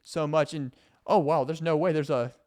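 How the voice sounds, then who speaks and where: A man's voice: fairly high pitch, fairly even intonation, moderate pace, a little mellow, natural voice. A man voicing a passive-aggressive roommate who talks in an overly sweet, fake-casual way and hints at chores. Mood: gushing.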